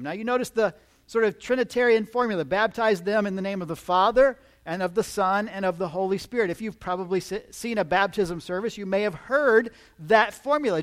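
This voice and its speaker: A male pastor delivers a teaching sermon before a live congregation. His voice sits notably high for a man, and he explains with lively energy, dropping playful asides to the people listening.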